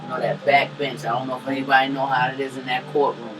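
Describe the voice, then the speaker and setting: A woman co-hosting a podcast, telling a profane, animated story that swings between loud and hushed. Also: rumbling low, quick pace. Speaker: podcast co-host. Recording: distant mic with music behind.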